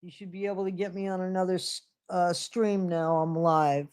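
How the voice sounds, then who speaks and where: A woman's voice: fairly low pitch, fairly even intonation, moderate pace, a little mellow, clear, resonant tone, no echo, clean studio sound. A middle-aged woman hosting a casual live stream from home, greeting viewers by name and repeating her phrases. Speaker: livestream host.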